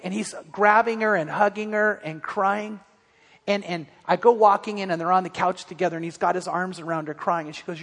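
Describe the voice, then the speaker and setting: A man preaching a sermon as pastor, earnest, stumbling over repeated words and dropping soft when he tells a story. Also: high-pitched, a little fast. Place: church sanctuary. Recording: long hall reverb.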